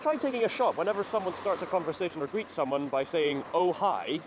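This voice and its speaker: A man's voice: high voice, animated, fast, background noise. A man hosting a comedic film review, sarcastic and theatrical, often exasperated.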